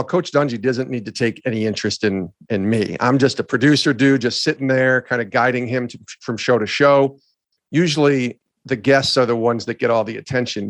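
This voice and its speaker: A middle-aged man recounts a story to his co-host with earnest, animated energy, slipping into the voices of the people he quotes. His voice sits at an ordinary middle pitch. The sound is dry and close, with no room echo. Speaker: podcast co-host. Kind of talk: storytelling in a conversation.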